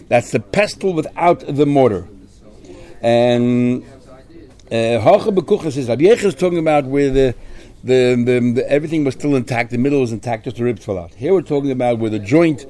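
Mellow-voiced man teaching Talmud. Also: mid-range voice. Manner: explains step by step, weaving in Aramaic and Hebrew terms. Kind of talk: Talmud study lecture.

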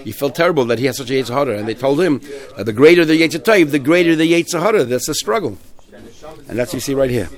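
A man with a mid-range voice teaches a Talmud class, retelling stories in an animated, halting style full of restarts and fillers.

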